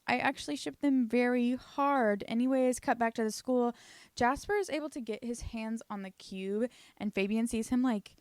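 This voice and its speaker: A woman's voice: fairly high pitch, a little mellow, no echo. Chatty woman recapping a show, dry sound. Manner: chatty, swears freely, lots of "like" fillers. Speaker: YouTube recap host. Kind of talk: casual comedic show recap.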